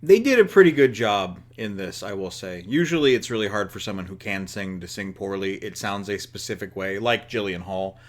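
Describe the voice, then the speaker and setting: Low-voiced man, dry and hesitant. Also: lively intonation, a little fast, hardly any pauses. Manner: hesitant, lots of ums and restarts, dry humor. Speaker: podcast co-host. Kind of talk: casual chat.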